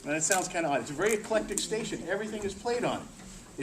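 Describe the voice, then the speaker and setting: A man's voice: high voice, expressive, fast. Man, presenter, workplace talk, joking, quizzes the audience, distant mic, faint hiss. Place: staff meeting room.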